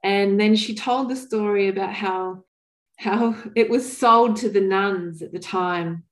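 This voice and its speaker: A woman, telling stories in an interview in an earnest, thoughtful way, with pauses and restarts. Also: mid-range voice, roomy sound. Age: 40s. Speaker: guest. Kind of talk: reflective interview storytelling.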